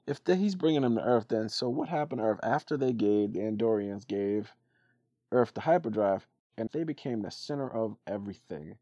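A man's voice: lowish voice, lively intonation, fairly quick, warm tone, no room sound, muffled recording. A man co-hosting a podcast, joking and musing aloud in a casual chat about a cartoon. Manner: joking, chatty, poses musing questions. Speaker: podcast co-host.

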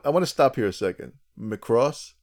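A man's voice: lowish voice, normal speed, darkish tone. Chatty man co-hosting a podcast. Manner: chatty, jokey, restarts often. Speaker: podcast co-host. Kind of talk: casual podcast chat.

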